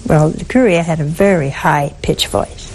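A woman giving a sermon in a slow, deliberate way, with asides and some softly whispered stresses. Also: low voice, slight background noise, low-quality recording. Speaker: preacher.

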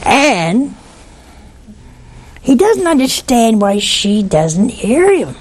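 A woman's voice: a little high, very animated, very slow, pauses often, a little mellow, husky. A woman speaking on a religious broadcast, telling a story in an earnest, emphatic way and repeating lines for effect. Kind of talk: preachy storytelling talk.

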